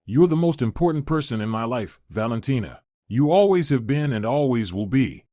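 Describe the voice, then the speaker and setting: A man's voice: medium pitch, expressive, moderate pace, dark tone, dry recording, close to an everyday voice. Desperate guilty fiancé begging for another chance, read by a man, voice swinging up and down, dry sound. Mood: pleading. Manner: pleading, insistent. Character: remorseful pleading male fiancé.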